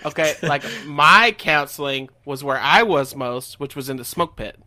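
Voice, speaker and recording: A man's voice: a little high, normal speed, bright, forceful tone. A man, a former enlisted sailor on a podcast, talking in a frank, profane and opinionated way. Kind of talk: casual chat.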